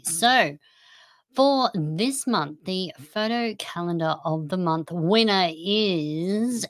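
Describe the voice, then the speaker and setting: A woman's voice: fairly low pitch, no room sound. An Australian woman hosting a podcast livestream in a chatty, upbeat way, often giggling. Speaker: podcast host. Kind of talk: casual livestream chat.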